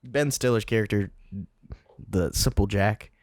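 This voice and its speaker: A man co-hosting a casual film review podcast, animated and profane, who keeps quoting movie lines in loud put-on voices. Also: on the low side, measured pace, no echo, clean studio sound. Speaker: podcast co-host.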